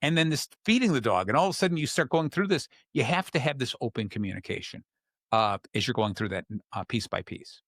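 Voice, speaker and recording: A man's voice: mid-range voice, expressive, fast talker, fairly bright tone, dry recording, studio quality. A man hosting a podcast, explaining in casual chat with acted-out examples and plenty of fillers. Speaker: podcast host.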